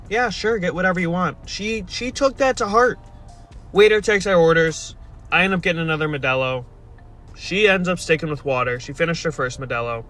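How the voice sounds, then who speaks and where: Bright-voiced young man telling a wry storytime. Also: a little high. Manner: exasperated, wry, deadpan. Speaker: storyteller in a played video clip. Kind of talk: casual storytime.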